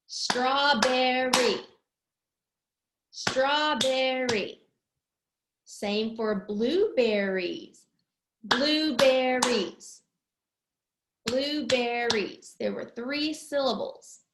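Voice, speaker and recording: Woman teacher, slow and patient, sing-song, for small children, echoey room. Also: a little high. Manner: patient, sing-song, drawn-out clapped words. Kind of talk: slow, clear lesson for young children.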